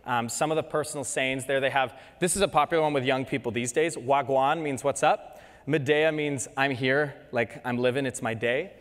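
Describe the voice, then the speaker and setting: A man's voice: medium pitch, moderate pace. A man with a Canadian accent, a dentist giving a chatty, joking lecture to dental students. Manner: chatty and joking, animated asides. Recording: long hall reverb.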